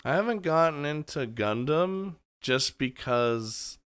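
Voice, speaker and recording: Young man, bright tone, smooth resonant voice, eager co-host. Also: fairly high pitch, lively intonation, slow pace, no echo. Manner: enthusiastic, laughs often. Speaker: podcast co-host. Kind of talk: casual chat.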